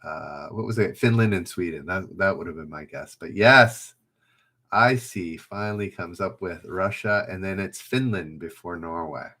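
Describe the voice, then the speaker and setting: A man's voice: low-pitched, normal speed, pushed and bright. A man hosting a live trivia stream, reading questions aloud, calling out players and joking at himself in a chatty way. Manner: chatty, self-mocking, reads questions aloud and calls out players. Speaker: trivia livestream host. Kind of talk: casual livestream quiz hosting.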